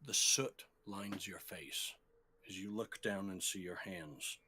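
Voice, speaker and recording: Man game master, dramatic measured narration, slow, low-pitched. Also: bright, forceful tone, slight background noise.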